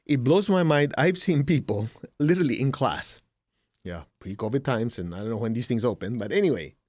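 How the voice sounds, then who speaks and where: Middle-aged man, spiritual teacher, blunt and animated, mid-pitched voice, dry close sound. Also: a little fast, no room sound. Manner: direct, animated, acts out complaining students. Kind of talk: informal spiritual lesson.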